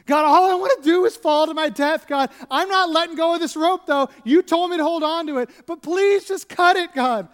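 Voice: extremely high pitch, expressive, normal speed, in a large hall, voice pushed up. A preacher voicing a despairing ancient man who pleads with God to let him die, in a raised, anguished voice during a sermon. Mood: pleading.

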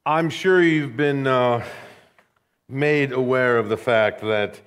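A man's voice: medium pitch, slow, clear, resonant tone. An American man from the Chicago area preaching a sermon, telling stories in a conversational, wry, humorous way. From Rockford, Illinois, USA. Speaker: pastor. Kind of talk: sermon with personal storytelling.

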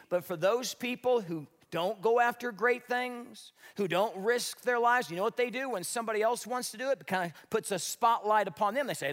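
A man's voice: high-pitched, fairly quick, hardly any pauses, a bit bright, long reverb tail. A man preaching a sermon, emphatic and full of rhetorical questions. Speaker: pastor.

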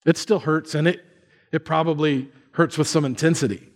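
A man's voice: a little high, fairly even intonation, moderate pace. A man in his thirties preaching a sermon in a conversational way, often putting questions to his listeners. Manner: conversational, asks the audience questions. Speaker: pastor.

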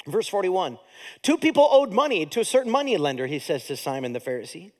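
A man preaching a sermon as pastor, in a lively, conversational way that mixes jokes and acted-out voices into his teaching. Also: high-pitched, fast talker.

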